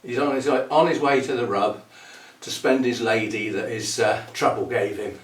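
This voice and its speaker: A man's voice: medium pitch, steady tone, moderate pace, roomy sound, distant mic. A man from the UK hosting a channel, chatting casually and playfully and chuckling at his own wordplay. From United Kingdom. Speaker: orchid channel host. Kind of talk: casual rambling chat to camera.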